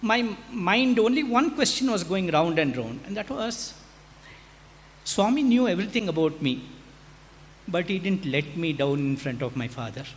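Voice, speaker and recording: A high-pitched man tells a personal story to an audience, playful and lively, slipping into the voices of the people in it. His voice rings out through a large hall with a long reverb, with a faint hiss underneath. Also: moderate pace. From India. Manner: animated, humorous, acts out dialogue. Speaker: hostel warden giving an address. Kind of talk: anecdotal storytelling speech.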